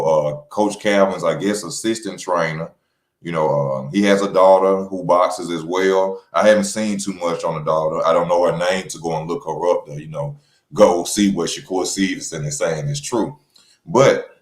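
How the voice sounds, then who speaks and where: Low-voiced man in slangy boxing commentary. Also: reverberant. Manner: conversational, slangy, gets heated and emphatic. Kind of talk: casual commentary to viewers.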